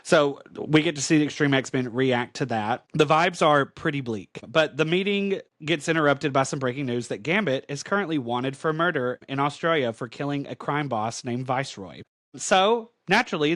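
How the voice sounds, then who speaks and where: A man's voice: a little high, lively intonation, moderate pace, a bit bright, no echo, clean studio sound. A man co-hosting a podcast, giving a chatty, emphatic comic book recap full of "like". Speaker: podcast co-host.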